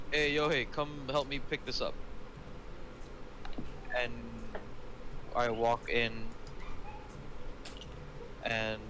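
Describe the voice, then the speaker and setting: A man player in an online tabletop game talks through his character's moves, hesitating with frequent "uh"s. His voice is at a medium pitch, and a clear hiss of line noise sits behind it. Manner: hesitant, lots of "uh". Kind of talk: playing a tabletop game over a call. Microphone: online voice call. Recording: noisy call audio.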